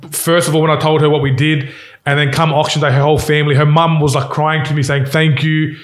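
A man's voice: on the high side, fast. Rambling man in an echoey room. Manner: rambling, restarts often, animated retelling. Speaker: company co-founder, guest. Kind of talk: casual storytelling interview.

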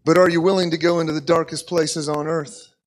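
A man's voice: on the high side, flat delivery, a little fast. A man preaching a sermon, telling a story with lots of repeated words and a frequent "okay?" to the listeners. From United States.

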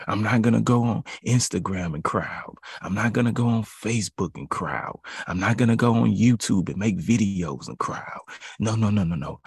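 A man's voice: on the low side, gravelly, husky, no room sound, studio quality. A man preaching a devotional sermon in an emphatic, repetitive cadence.

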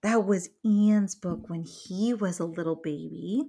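A woman reading a picture book aloud to her small child in a gentle, encouraging way. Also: lowish voice, measured pace, creaky, slightly rough. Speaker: mother reading to her toddler.

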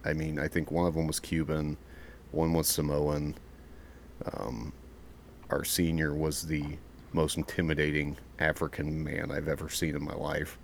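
Very deep-voiced man rambling a story. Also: completely flat delivery, a little slow, vocal fry, slight background noise. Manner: rambling storyteller, swears freely. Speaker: podcast host. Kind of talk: casual podcast chat. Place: his closet, indoors.

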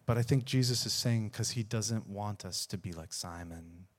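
A man's voice: mid-range voice, normal speed, hardly any pauses. A man, a pastor, preaching a sermon, telling a story earnestly with repeated words and rising emphasis.

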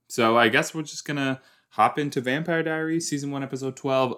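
A man's voice: medium pitch, fairly even intonation, fairly quick, hardly any pauses, pushed and bright. A young man hosting a casual watch-along podcast, rambling and chatty with joking asides. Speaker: podcast host.

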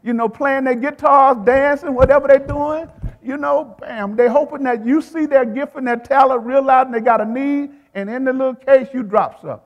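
Male preacher, rhythmic repeating sermon, high-pitched, hall reverb. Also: normal speed, hardly any pauses, highs cut off. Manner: rhythmic, repeats phrases, calls to the congregation.

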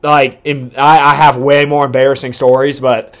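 A young man co-hosting a casual podcast, talking crude and boastful. His pitch sits in the middle for a man but leaps high and loud when he gets worked up. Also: flat delivery, moderate pace. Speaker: podcast co-host.

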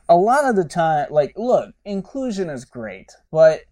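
A man hosting a podcast, recapping a film plot in a rambling, profane, animated way. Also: sits high, slow pace, recorded from a distance. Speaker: podcast host. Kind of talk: casual movie review recap.

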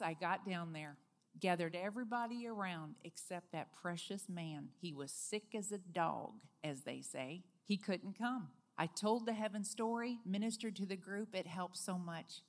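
A woman being interviewed, telling a personal faith story in a lively, earnest way. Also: fairly low pitch, moderate pace. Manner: lively storyteller, acts out quoted speech; earnest, heartfelt. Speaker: guest.

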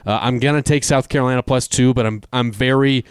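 Man hedging his betting picks, smooth voice. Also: medium pitch, steady tone, fairly quick, no room sound, clean studio sound. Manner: hedging, conversational with many fillers. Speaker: sports betting co-host. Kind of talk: casual sports betting chat.

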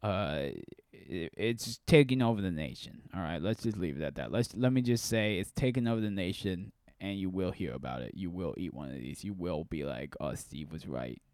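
A man hosting a casual solo podcast, rambling through animated stories with frequent restarts. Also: low-pitched, normal speed, few pauses, clean tone, no room sound, clean studio sound. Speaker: podcast host.

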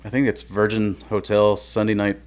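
A man guesting on a podcast as a DJ, telling stories in a relaxed, matter-of-fact way. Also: on the low side, normal speed. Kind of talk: casual conversation.

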